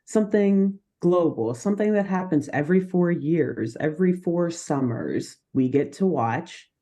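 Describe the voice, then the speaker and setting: A woman co-hosting a podcast, recapping a cartoon episode in an animated, laughing chat. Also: on the low side. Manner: animated, laughing, quick asides. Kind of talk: casual chat.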